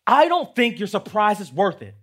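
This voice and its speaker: An impatient, excitable storybook elephant whines and pleads in a high, strained voice, as a man reads it aloud. The husky tone rises sharply above his normal speech and turns loud and begging. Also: quick pace.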